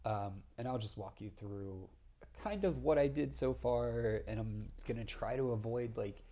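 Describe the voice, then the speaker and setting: A man's voice: mid-range voice, measured pace, dark tone. A young man talking casually to the camera, chatty and full of ums and restarts. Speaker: vlogger doing a design challenge.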